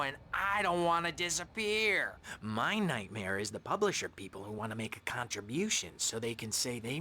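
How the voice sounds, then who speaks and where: An actor playing a paranoid male patient in a game, rambling in a bitter, whispery monologue. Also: a little high. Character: rambling paranoid male patient who rants about writers. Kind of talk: video game cutscene. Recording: clear background noise.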